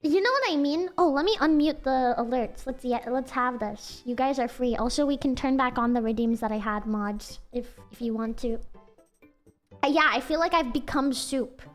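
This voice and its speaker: A woman's voice: high-pitched, moderate pace, soft background music. A woman with an American accent chatting casually on a livestream, giggly and rambling with lots of "like" fillers.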